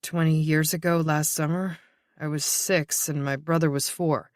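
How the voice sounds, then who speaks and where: A narrator voicing a grieving young man in his twenties who answers a detective's questions quietly and shakily in an audiobook. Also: medium pitch, steady tone, normal speed, dry recording, studio quality, lightly acted. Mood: strained. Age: 20s. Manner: quiet, shaky, tired replies.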